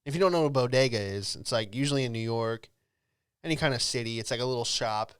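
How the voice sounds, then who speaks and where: A man's voice: mid-range voice, quick pace, a bit bright, clean tone, no room sound, studio quality. A young man, a comedian, riffing casually through a solo comedy monologue in a rambling, offhand way, with lots of fillers. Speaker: comedian and podcast host.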